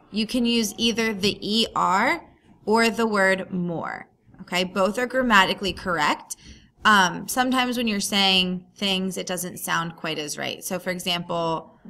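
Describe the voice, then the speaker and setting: A woman's voice: medium pitch, creaky, pushed and bright. A woman teacher talking through a recorded grammar lesson, patient and explaining step by step.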